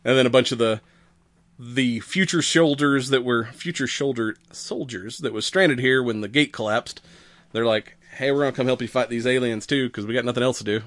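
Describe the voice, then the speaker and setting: A man's voice: mid-range voice, moderate pace, fairly bright tone. A man on a podcast casually retelling a movie plot, rambling and profane, acting out the characters' lines as he goes. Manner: rambling, profane, acts out quoted characters with laughs. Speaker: podcast host. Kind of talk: casual movie recap chat.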